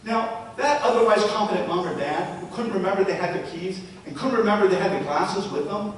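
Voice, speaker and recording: A man with a fairly high voice gives a live talk, leaning on stories and rhetorical questions. He is heard from a distance in a big, echoing hall with long reverb and a faint low rumble behind him. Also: a little fast. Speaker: presenter. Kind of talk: live public talk to parents and educators.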